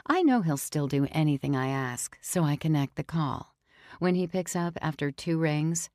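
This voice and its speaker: Low-voiced woman reading a tense confession. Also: a little mellow, no echo, clean studio sound. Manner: tense, confessional, dropping to whispers. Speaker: audiobook narrator. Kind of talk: first-person audiobook narration.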